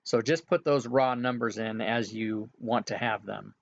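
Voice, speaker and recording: A man's voice: on the low side, unhurried, creaky, muffled recording, a little hiss or hum. A man working as game master, casually walking players through setup with frequent filler sounds. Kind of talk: casual instructions during an online game session.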